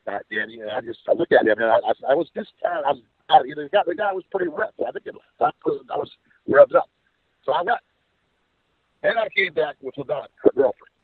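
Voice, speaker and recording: Man, lively swooping pitch, rambling and profane, sounds like he is on a tinny phone line. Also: quick pace, husky, dry recording. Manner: profane rambling storyteller, acts out quoted voices. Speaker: podcast guest telling a story. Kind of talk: casual storytelling chat.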